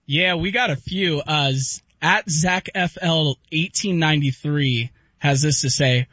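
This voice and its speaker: A man's voice: a little high, a bit bright, husky, no echo, lo-fi sound. A man working as a radio producer, reading listener comments out hesitantly. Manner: hesitant, reads haltingly.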